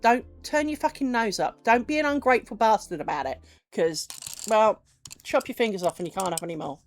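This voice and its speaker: A middle-aged woman, chatting casually with viewers during a crafts stream, animated and profane, acting out little conversations. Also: medium pitch, fairly quick, faint music behind. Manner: chatty and animated, swears freely, acts out little dialogues. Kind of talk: casual chat with live viewers while crafting.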